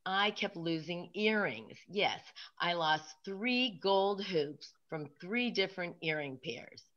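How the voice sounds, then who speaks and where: A woman's voice: on the low side, lively intonation, takes it slowly, a bit bright, dull audio. A woman comic doing a stand-up set of punny one-liners.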